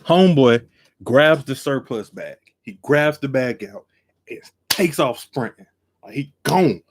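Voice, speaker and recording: Lively man acting out a story. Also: unhurried. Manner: acts out every quote, jumps from low to loud. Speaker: live streamer. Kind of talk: animated storytelling. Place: seated indoors at his camera.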